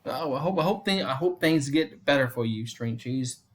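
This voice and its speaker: A man's voice: expressive, moderate pace. Man calling fan play-by-play. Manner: repeats the count and score often; chats to viewers between pitches. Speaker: fan stream host. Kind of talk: casual play-by-play commentary.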